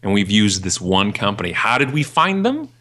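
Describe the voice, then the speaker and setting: A man in his forties, a podcast guest and keynote speaker, talking in a ranting, jokey way and acting out other people in a high voice. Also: sing-song, moderate pace, fairly bright tone. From Canada. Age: 40s. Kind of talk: animated podcast interview.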